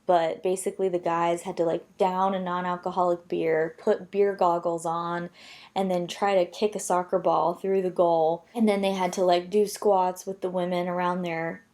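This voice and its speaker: A young woman from the United States chatting casually to camera, self-deprecating and full of quick asides. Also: on the low side, level tone, darkish tone. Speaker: vlogger.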